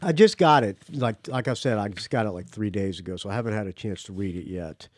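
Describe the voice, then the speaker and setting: A man's voice: lowish voice, animated, fast, darkish tone, dry recording, studio quality. A man hosting a podcast in casual chat, rambling and teasing his guest. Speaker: podcast host.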